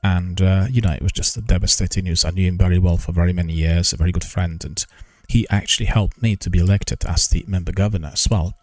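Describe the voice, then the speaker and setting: Older male streamer, deep voice, halting formal delivery, dry close sound. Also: fairly even intonation, no echo. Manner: slow, halting, many ums and restarts; careful, formal enunciation. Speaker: gaming news streamer. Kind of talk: casual live-stream chat.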